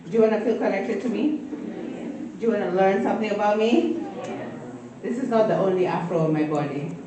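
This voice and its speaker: A woman's voice: medium pitch, a little fast, far from the mic, noisy background. A woman doing a playful, teasing stand-up comedy set at a live event. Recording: echoey venue miked from afar with crowd.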